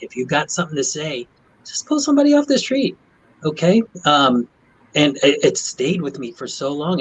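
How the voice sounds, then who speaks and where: A man's voice: mid-range voice, slight background noise, rough recording. A man who is a doctor, talking on a video panel and telling a personal story in an earnest way. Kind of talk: video call chat.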